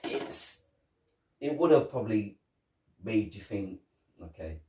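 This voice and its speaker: A man co-hosting a casual film review podcast, talking in halting, animated bursts. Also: lowish voice, distant mic, a little hiss or hum. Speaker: podcast co-host. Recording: roomy, off-mic.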